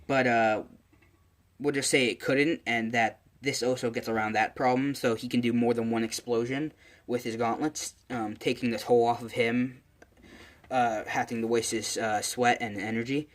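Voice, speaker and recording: A man's voice: medium pitch, fairly even intonation, moderate pace. A man casually narrating a fan story, rambling with lots of fillers and self-corrections. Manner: rambling, many fillers and restarts. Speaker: channel host.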